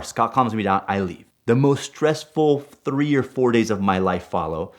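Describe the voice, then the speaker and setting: A man in his forties telling a personal story in an animated way. He builds up heat as he goes and keeps checking in with "right?". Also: medium pitch, moderate pace. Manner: gets fired up and loud while retelling; punctuates with "right?". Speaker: guest storyteller.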